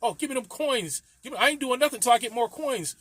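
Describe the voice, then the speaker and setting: High, breathless young woman tenant, put on by a man, greedy and demanding, dry close sound. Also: lively intonation, fast, fairly bright tone, dry recording, heavily acted.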